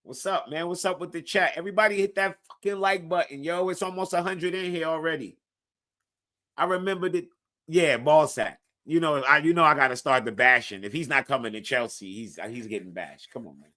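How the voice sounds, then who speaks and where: Man, live stream chat, profane, hyped, forceful tone, higher pitch. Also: fairly quick. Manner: profane, hyped, keeps urging viewers to like.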